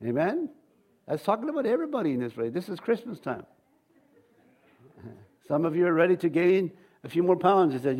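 Male pastor, conversational sermon, slightly high voice, acts out voices. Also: big pitch swings, fairly quick, long pauses, a little mellow. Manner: conversational preaching, acts out quoted voices, repeats words.

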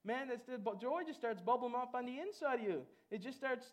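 A man preaching a sermon with exuberant energy. He often repeats words and breaks into loud laughter. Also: extremely high pitch, lively intonation, a little fast.

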